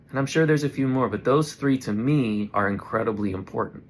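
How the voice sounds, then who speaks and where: A man's voice: mid-range voice, brisk, few pauses. A man giving an earnest, reflective motivational talk straight to camera, talking himself through his points. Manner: earnest, reflective, self-coaching. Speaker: vlogger. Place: indoors in front of a camera.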